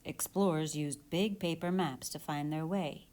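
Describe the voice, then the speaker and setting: A woman teacher reading the lines of a gentle storybook father, in a patient, explaining tone. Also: sits low, measured pace.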